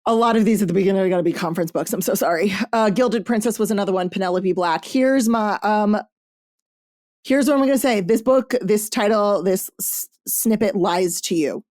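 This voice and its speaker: Woman podcast host, casual chat, animated, dry close sound. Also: medium pitch, a little fast, dry recording. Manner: animated, swearing, acting out quotes. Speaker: podcast host reviewing romance books.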